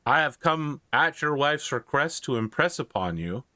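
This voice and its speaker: Guy doing a humble irish priest, earnest, bright dry tone. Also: on the high side, animated, moderate pace, dry recording. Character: humble male Irish priest begging for alms.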